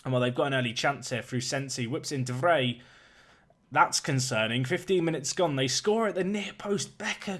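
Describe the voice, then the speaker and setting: A young man giving lively play-by-play commentary on a football management video game, climbing in excitement on big chances. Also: medium pitch, moderate pace.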